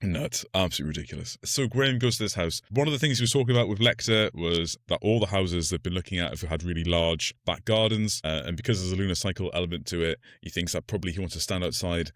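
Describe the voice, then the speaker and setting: A low-pitched man talks through a film plot in a relaxed podcast chat. He recaps scenes loosely, leaning on filler words. The close mic sounds dry with no room around it. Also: fast talker, hardly any pauses, no echo. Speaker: podcast co-host. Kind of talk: casual film discussion.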